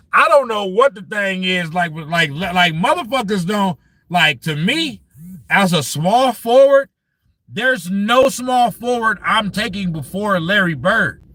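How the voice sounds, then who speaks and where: A man hosting a casual live-streamed basketball talk show, reading the chat and arguing points in an animated, profane way, often saying "you know what I'm saying.". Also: sits high, dry recording.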